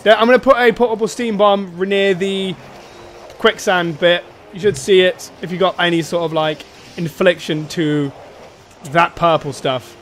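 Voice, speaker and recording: High, excitable young man gaming. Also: normal speed, a little hiss or hum. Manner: excitable, yelps and laughs in panic. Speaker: gameplay streamer. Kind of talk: co-op gameplay commentary.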